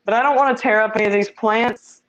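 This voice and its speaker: A woman's voice: on the high side, fairly even intonation, fast, a bit bright, lo-fi sound. A woman giving a casual tour of the fish tanks in her home, chatty and self-deprecating, laughing easily.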